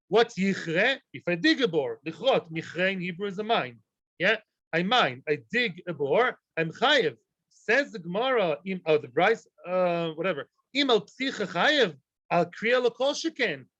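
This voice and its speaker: High-voiced joking man teaching. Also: no room sound. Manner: lively and joking, with rhetorical questions to the class. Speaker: Talmud teacher. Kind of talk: Talmud class lecture. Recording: dull lo-fi dry recording.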